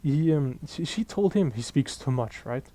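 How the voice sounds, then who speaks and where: A young man, ranting casually and profanely to camera in an exasperated, animated way. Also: fairly high pitch, normal speed. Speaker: vlogger.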